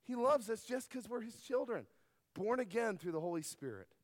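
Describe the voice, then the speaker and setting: Middle-aged male pastor, high pitch, emphatic sermon delivery, dry close sound. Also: lively intonation, normal speed, dry recording. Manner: emphatic preaching that swings between loud stresses and soft asides.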